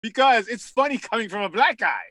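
A man from Africa chatting casually in an animated way, often repeating words for emphasis. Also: extremely high pitch, fairly quick, dry recording, clean studio sound. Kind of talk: casual chat.

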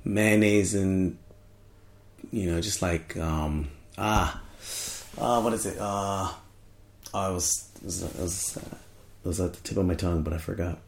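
A man's voice: deep voice, steady tone, unhurried, creaky, pauses often, slight background noise. A man hosting a podcast in casual chat, joking and rambling, often trailing off while he hunts for words. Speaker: podcast host.

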